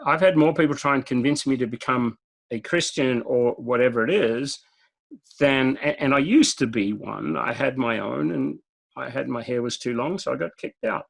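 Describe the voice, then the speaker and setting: A man's voice: medium pitch, normal speed, gravelly, low-quality recording. A man with an Australian accent, a guest in a casual interview, talking directly and telling stories with frequent chuckles. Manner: direct, storytelling, chuckles often. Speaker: guest speaker.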